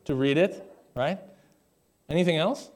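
A man's voice: a little high, measured pace. A young man preaching a conversational sermon to a live congregation on a stage mic, with jokey asides and questions to the audience. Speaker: pastor.

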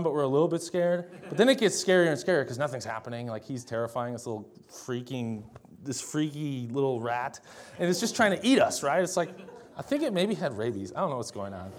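A young man from Minnesota giving a sermon, telling a childhood story in a relaxed, conversational way and often asking "right?". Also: mid-range voice. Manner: conversational storytelling, tag questions and laughter. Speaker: pastor.

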